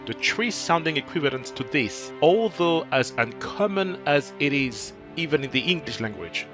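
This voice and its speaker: A man giving scripted narration for a teaching video, measured and explanatory, with his voice slowing on key words. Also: medium pitch, lively intonation, music in the background. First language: not Twi.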